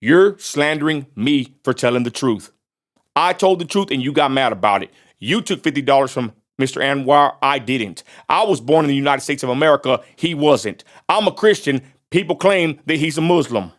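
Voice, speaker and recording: A man's voice: medium pitch, lively intonation, moderate pace. Combative man ranting to camera. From Texas. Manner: combative, fires off rhetorical questions, repeats points. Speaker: vlogger. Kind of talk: confrontational direct-to-camera rant.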